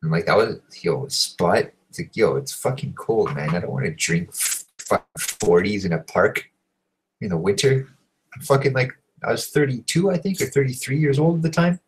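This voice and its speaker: A man in his thirties hosting a show, telling a long, profane story in a casual, animated way. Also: on the low side, moderate pace, a little hiss or hum, rough recording. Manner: profane, animated, swears constantly. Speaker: host. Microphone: home recording setup.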